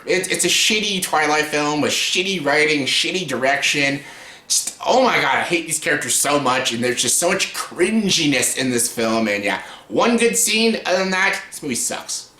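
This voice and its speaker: A man's voice: on the high side, lively intonation, normal speed, bright, forceful tone. A young man ranting in a casual film review, exasperated and mocking, cursing often and breaking into laughter. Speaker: YouTuber reviewing films. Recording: echoey room.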